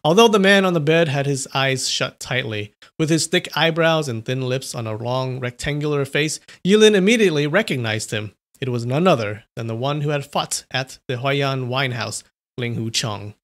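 A man's voice: medium pitch, normal speed, a bit bright. A man reading a novel aloud on a live stream, stopping to chat about viewers' comments. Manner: chatty, reacts to viewers' comments.

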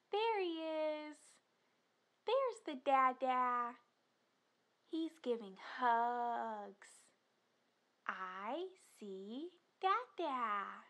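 A young woman teaching first words to toddlers in a slow, exaggerated sing-song voice, with excited gasps and drawn-out simple words. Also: sits high. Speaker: children's educator, speech therapist.

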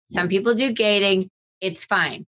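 A woman hosting a dog-training podcast in casual chat, animated and acting out voices of dogs and owners. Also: mid-range voice, unhurried, rough recording.

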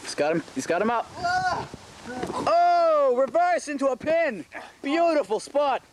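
A man giving excited play-by-play commentary on a backyard wrestling match, gasping "oh" at every move. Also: very high-pitched, unhurried. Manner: excitable, frequent gasps of "oh". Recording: noisy outdoor camcorder audio.

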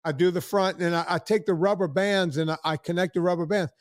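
A man's voice: sits high, steady tone, fairly quick, dry recording, studio quality. A man in his sixties hosting a podcast, rambling in casual chat with many restarts and acted-out quotes. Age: 60s. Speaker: podcast host.

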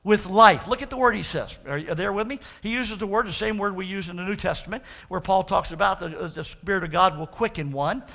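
A man's voice: sits high, brisk, few pauses, a bit bright. A male pastor preaching a fervent sermon, stretching out his quotes of scripture for emphasis.

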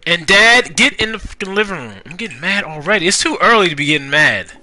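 Young man, casual gaming commentary, high voice, lively swings, profane, fussing at game characters. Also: quick pace, crowd noise. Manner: animated, profane, talks to the game characters, rhymes jokingly. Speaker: gaming YouTuber. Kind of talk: casual Let's Play commentary.

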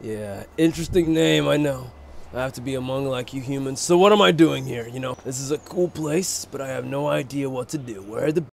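A man trolling other players in character during game roleplay, loud and taunting with roaring outbursts. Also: medium pitch, brisk, gravelly, a little hiss or hum.

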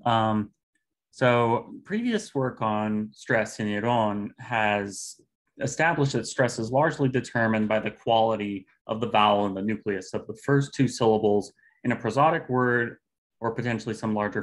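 A man giving an academic linguistics talk over a video call, explaining step by step with pauses and fillers. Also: on the low side. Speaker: linguistics presenter.

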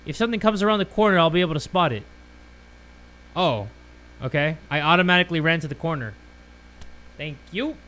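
A man giving loud, jumpy commentary on a horror game, swearing and joking through his fear. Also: a little high, lively intonation, a little fast, pauses often. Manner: jumpy, swears a lot, yells at monsters then jokes. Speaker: gaming YouTuber.

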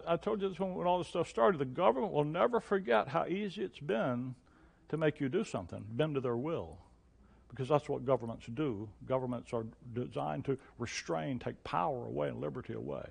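Older male pastor with a gravelly voice. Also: a little high. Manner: emphatic, preachy, with sudden loud peaks. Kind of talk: sermon.

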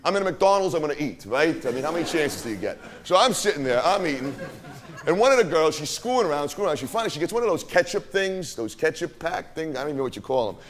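A man playing a brash street tough, high voice. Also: very animated, fast. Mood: boastful. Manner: swaggering, profane, keeps asking "right?". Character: brash streetwise young man telling a brawl story. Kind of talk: live stage character monologue. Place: theater stage.

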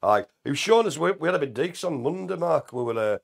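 Co-host type: man, gravelly and a bit husky, lively up-and-down delivery, jokey banter. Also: fairly high pitch, fast talker. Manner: jokey, chatty, animated. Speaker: co-host of a live community show. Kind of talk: casual live chat.

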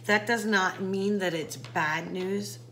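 A woman's voice: mid-range voice, steady tone, slow, fairly bright tone, a little hiss or hum, rough recording. A woman doing a casual tarot reading to camera, chatty, with many fillers and talking straight to the viewer. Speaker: psychic tarot reader.

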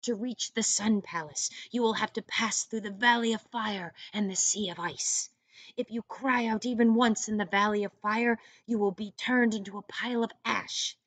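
A wrinkled old man at a lonely hut speaks in a hushed, croaky storybook voice, as a woman reading aloud puts him on. The sound is dry and close, with a middle pitch. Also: fairly even intonation, moderate pace, dry recording, close to an everyday voice. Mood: ominous.

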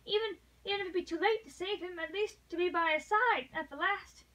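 A woman's voice: high voice, fast talker, bright, forceful tone, distant mic, rough recording. A woman voicing a noble English lady who pleads with passion, read aloud from a novel. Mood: pleading. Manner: impassioned, pleading.

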